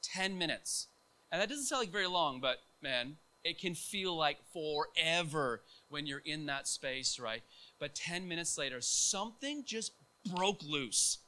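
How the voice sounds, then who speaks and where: A middle-aged man preaching a sermon, telling a personal story in a casual, animated way with many fillers and restarts. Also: on the high side, a little slow.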